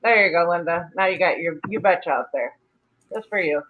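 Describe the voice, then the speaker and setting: A middle-aged woman hosting a casual live stream, chatty and quick to laugh. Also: lowish voice, a little hiss or hum. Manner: laughs often, chatty and animated. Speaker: livestream host. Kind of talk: casual chat. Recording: dull lo-fi stream audio.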